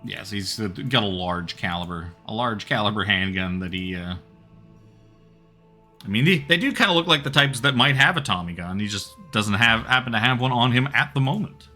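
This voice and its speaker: A man's voice: lowish voice, lively intonation, normal speed, sharp tone, soft background music. A man running a tabletop horror game as game master, narrating casually.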